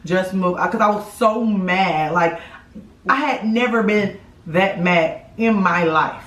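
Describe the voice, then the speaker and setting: A woman vlogger telling a story in casual chat, animated and blunt, swearing and talking straight to the viewers. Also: medium pitch, slow pace. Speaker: vlogger co-host. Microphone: camera mic from a few feet away. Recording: roomy sound, mic at a distance.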